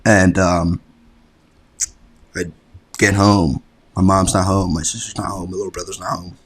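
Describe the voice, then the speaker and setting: A young man, a college athlete, telling a personal story to a podcast host in a relaxed, rambling way, swearing freely and filling with "like". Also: low-pitched, a little slow. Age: young adult. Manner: laid-back, rambling, swears freely, fills with "like". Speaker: podcast guest, college lacrosse player. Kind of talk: casual storytelling chat.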